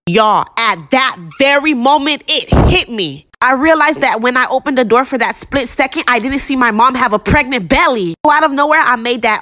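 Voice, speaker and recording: A woman's voice: a little high, lively intonation, moderate pace, hardly any pauses, bright, forceful tone. A young woman telling a storytime in a chatty way, talking straight to her listeners. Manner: chatty, addresses listeners directly. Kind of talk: scripted storytime narration.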